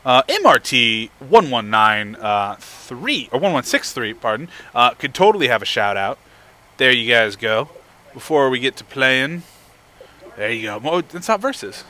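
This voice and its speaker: A man's voice: medium pitch, very animated, unhurried, bright, forceful tone. A young man hosting a casual live stream, cheerfully reading viewer messages aloud and chatting. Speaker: livestream host.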